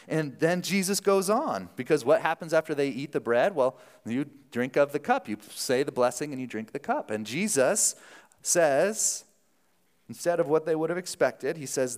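A man preaching a sermon in a casual, animated style, often restarting his sentences. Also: a little high, normal speed, long reverb tail. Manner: conversational, animated, self-interrupting. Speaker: pastor. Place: church sanctuary.

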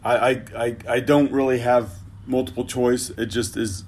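A man's voice: medium pitch, little pitch movement, moderate pace, darkish tone, a little hiss or hum. Sarcastic swearing man on a podcast. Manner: sarcastic, swears freely, joking. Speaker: podcast co-host answering quiz. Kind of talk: casual chat.

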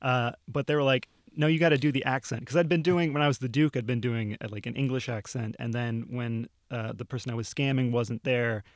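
A relaxed young man tells stories on a podcast, his voice mid-pitched and unhurried, dotted with "uh"s and small laughs. The sound is close and dry, with no room around it. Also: no room sound. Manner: laid-back storytelling with frequent fillers and laughs. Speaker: video producer. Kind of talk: casual podcast chat. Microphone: studio microphone.

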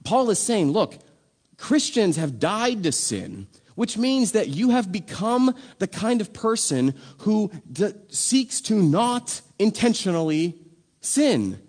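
A man's voice: high-pitched, very animated, slow, darkish tone. A man preaching a sermon in a conversational, emphatic way, full of rhetorical questions. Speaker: pastor.

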